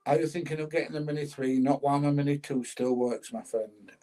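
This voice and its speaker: A man's voice: a little high, steady tone, fairly quick, dark tone, poor audio. An older man casually chatting on a livestream, reading out viewer comments and laughing as he goes. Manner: chatty, laughs often, plain-spoken. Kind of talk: casual chat.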